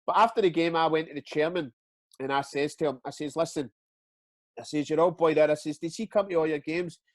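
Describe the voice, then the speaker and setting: Scottish man with a slightly high, dry voice. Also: steady tone, brisk, no echo. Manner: swears freely, stumbles and repeats words. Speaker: retired footballer, interview guest. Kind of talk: casual storytelling chat.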